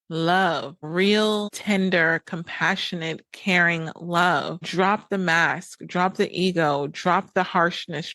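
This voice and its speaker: A woman's voice: lowish voice, fairly bright tone, no echo. A woman podcast host and coach giving direct relationship advice in a blunt, emphatic monologue, repeating points for weight.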